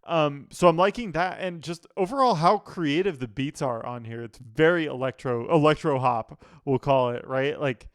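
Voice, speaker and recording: A man's voice: on the high side, moderate pace, hardly any pauses, clean tone, no room sound, studio quality. A man, a music producer, giving an enthusiastic, analytical reaction to an album in casual talk, often leaning on "like" as a filler.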